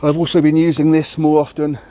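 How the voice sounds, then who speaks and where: A man's voice: fairly high pitch, completely flat delivery, fairly quick, warm tone. Guy explaining boxing drills outside, plain and straight-talking, bit of background noise. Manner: plain, matter-of-fact, candid explanations. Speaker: martial arts channel host. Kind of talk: casual training demonstration to camera. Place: outdoors near a tree.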